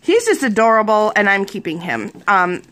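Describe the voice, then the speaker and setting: In this casual show-and-tell vlog, a woman in her thirties from Wisconsin, United States, shows off her mail, giggling and gushing as she chats. Her mid-range voice is very animated and fairly bright, moving at a moderate pace.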